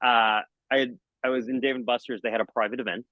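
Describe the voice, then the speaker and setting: Brief: middle-aged male entertainer, energetic storyteller, jumps into high-pitched bits, dry close sound. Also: fast talker, no room sound, lo-fi sound. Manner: lively, jokey, acts out anecdotes with sudden high exclamations. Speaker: magician and mentalist guest. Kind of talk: animated storytelling in a podcast interview.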